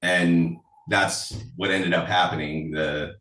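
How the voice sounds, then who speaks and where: A man with a lowish voice tells personal stories in a loose, chatty way, often stopping to laugh. He sits away from the mic, and the room adds a noticeable echo. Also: fairly even intonation, takes it slowly, pushed and bright, distant mic. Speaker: songwriter guest. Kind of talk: casual storytelling interview.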